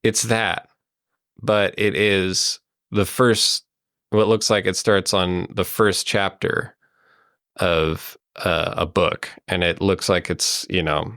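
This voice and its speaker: A deep-voiced man runs a tabletop game at an unhurried pace, wandering through his descriptions with plenty of ums and likes. His voice is close and dry, with no room sound. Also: level tone, a bit bright, dry recording. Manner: meandering, full of ums and likes. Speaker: game master.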